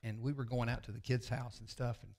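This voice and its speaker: In his sixties, this pastor delivers a sermon full of folksy, confessional stories that frequently drop to a low murmur. His tone is level and darkish, and his pace a little fast.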